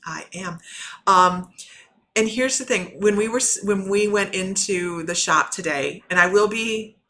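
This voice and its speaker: A woman's voice: medium pitch, measured pace, bright, forceful tone, a little hiss or hum. A woman working as a spiritual medium, chatting loosely to viewers on a live stream, rambling and cutting herself off and laughing often. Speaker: spiritual medium giving readings.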